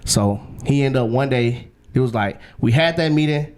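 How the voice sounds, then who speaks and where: A young man sits in as a guest and tells his story in loose, slang-heavy talk. He gets animated and acts out what other people said to him. His voice sits in an ordinary middle pitch. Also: normal speed. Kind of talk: casual storytelling interview.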